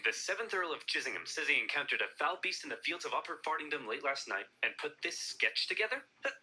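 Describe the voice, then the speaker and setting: A man voicing a rude, impatient man chairing a rowdy parliament in an animated comedy, yelling and brushing things off. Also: fairly high pitch, fast, slightly rough, full character voice, low-quality recording.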